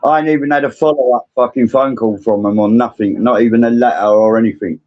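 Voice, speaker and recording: Blunt, sweary man, mid pitch. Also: fairly even intonation, fast, lo-fi sound. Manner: profane, blunt, agreeing. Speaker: guest. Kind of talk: casual chat.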